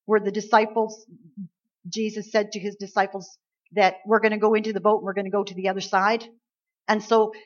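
A woman's voice: on the high side, muffled recording. A woman preaching a sermon, earnest and emphatic, quoting scripture and building to stressed points.

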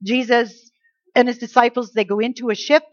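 A woman's voice: fairly high pitch, steady tone, normal speed, highs cut off. A woman giving a conversational Bible teaching, checking in with her listeners through rhetorical questions.

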